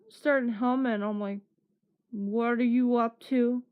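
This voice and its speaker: A woman tells a story in a slow, unhurried stream chat. Her voice sits a little high, and she slips into the voices of the people she quotes, laughing as she goes. The sound is dull and lo-fi. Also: steady tone, clear, resonant tone. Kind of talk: casual storytelling.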